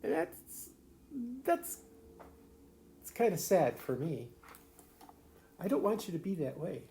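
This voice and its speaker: A man's voice: a little high, big pitch swings, takes it slowly, long pauses, warm tone, a little hiss or hum. An older grandfather explaining the fiddle to a grandchild in a folksy, rambling way, full of restarts and chuckles. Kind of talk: casual home video lesson.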